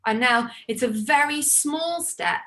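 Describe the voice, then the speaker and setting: A woman leading an online choir warm-up over a video call, encouraging the singers and demonstrating each sigh and call herself. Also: high voice, a little slow. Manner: encouraging, demonstrates vocal calls and sighs. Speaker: choir leader.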